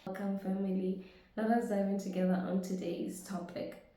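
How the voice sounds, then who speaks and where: Woman with a flu, husky and hoarse, mellow tone, super echoey room, earnest motivational chat. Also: mid-range voice, flat delivery, normal speed. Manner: earnest, keeps asking "right?" to the audience. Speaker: motivational speaker and business coach. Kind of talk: motivational talk to camera.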